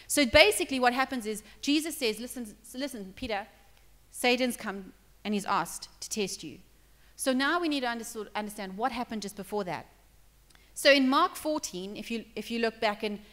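Woman pastor, sermon, fairly high voice, long church reverb; chatty, acts out dialogue. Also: fairly bright tone. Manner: conversational preaching, acts out dialogue, checks in with listeners. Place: church hall.

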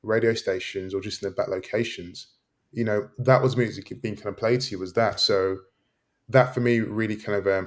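Male guest, thoughtful and meandering, somewhat low voice. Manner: reflective, many fillers like "kind of" and "you know". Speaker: guest academic. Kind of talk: casual interview chat.

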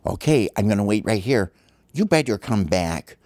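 A man's voice: on the low side, very animated, normal speed, a little mellow, no echo. A man voicing earnest buddy Ollie. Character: brave but nervous buddy Ollie, going first.

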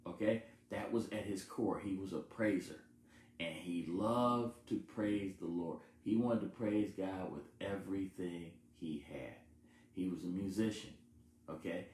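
A man preaching a conversational Bible-study sermon. He keeps checking in with "okay?" and lifts his voice to stress a point. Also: darkish tone. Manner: rises in pitch and volume for emphasis. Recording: echoey room with faint hiss.

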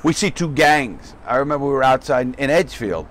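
A middle-aged man hosting a podcast, telling stories in a casual, profane, animated way and acting out other people's voices. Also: mid-range voice, brisk. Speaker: podcast host. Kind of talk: casual storytelling chat.

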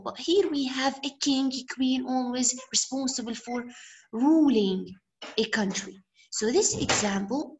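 A woman's voice: a little high, rough recording. A young woman with a Levantine Arabic accent, patiently explaining English words with examples, and giving an Arabic gloss now and then. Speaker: English teacher. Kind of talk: vocabulary lesson.

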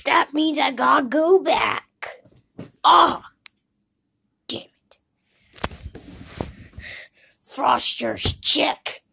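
A woman voicing a comedic fan animation, jumping between mumbled asides and shouted outbursts. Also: sits high, very slow, gravelly, pauses often, a little hiss or hum. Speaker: narrator and voice actor of a fan animation.

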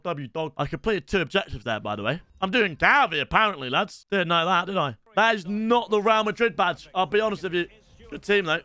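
A young man streams his football game live, chatting casually to his viewers. His voice sits high and bright, and he is excitable, yelling at every goal or miss. Faint music plays under him. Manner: excitable, shouts at goals, addresses viewers as lads. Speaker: gaming streamer.

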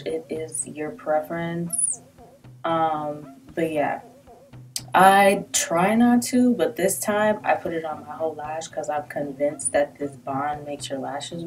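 A woman's voice: low voice, far from the mic. A woman doing a casual makeup tutorial, rambling and slangy and often apologizing, talking from a desk in a small room. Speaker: beauty vlogger.

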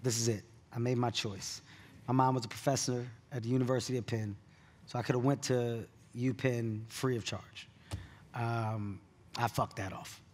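A man who is a comedian, telling stories in an onstage keynote interview with animated delivery and bursts of laughter. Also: mid-range voice, normal speed. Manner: animated storyteller, laughs at his own story. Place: conference stage.

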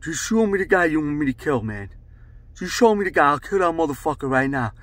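A man's voice: on the high side, lively intonation, a little fast, fairly bright tone, dry recording. A man voicing a wild friend who urgently begs to be shown the man he should kill, in a voice close to his own. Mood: eager. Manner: urgent, pleading, profane. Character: wild-eyed male friend eager to kill.

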